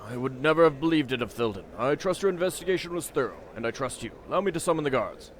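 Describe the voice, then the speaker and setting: A man voicing a calm, solemn male faction leader who speaks in a measured, formal way. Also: mid-range voice, a little hiss or hum, natural voice.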